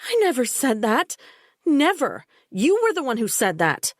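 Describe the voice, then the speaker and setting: Reading an audiobook, a woman voices a distraught young pregnant woman pleading frantically, pitching her slightly high, animated voice above her own natural one. She speaks at a measured pace in a studio-quality recording with no room sound.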